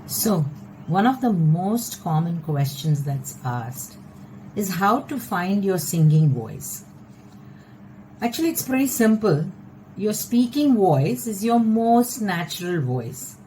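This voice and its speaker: A woman vocal coach teaching a lesson, explaining in a measured, patient way. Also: fairly low pitch, lively intonation, a little mellow, slight background noise, low-quality recording.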